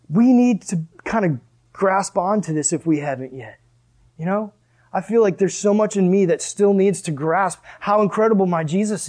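A man preaching a sermon in a casual, animated way, full of "like" and asides. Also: high voice. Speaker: pastor.

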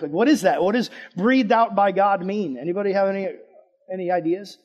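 The audio is dull, and the man's voice sits high and moves briskly. His sermon is conversational and casual, full of questions to the audience and a personal story, as he shifts energetically from loud emphasis to quiet asides.

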